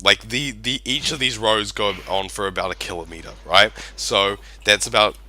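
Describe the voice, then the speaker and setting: A man's voice: lowish voice, moderate pace, bright, forceful tone. A man, narrating a tabletop game as game master in a rambling way and laughing often.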